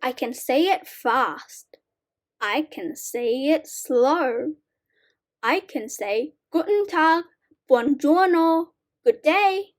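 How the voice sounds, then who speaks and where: Woman teacher, high voice, very slow and clear, reading sight word poems to young kids. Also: animated.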